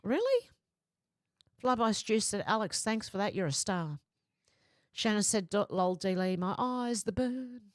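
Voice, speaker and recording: A woman's voice: medium pitch, unhurried, no room sound. Chatty woman reading live chat, dry sound. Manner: chatty, reads comments in a flat running voice with asides. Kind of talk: casual chat reading viewer comments aloud.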